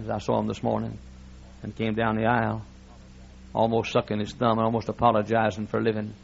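A man's voice: lowish voice, vocal fry, dull audio, slight background noise. A male pastor preaching a sermon with impassioned, folksy delivery and frequent laughter.

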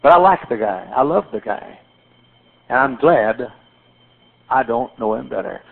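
A man's voice: medium pitch, animated, measured pace, creaky, slightly rough. An older man preaching a sermon as pastor, telling folksy stories with repeated phrases and stammered restarts. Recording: tinny phone-like sermon recording.

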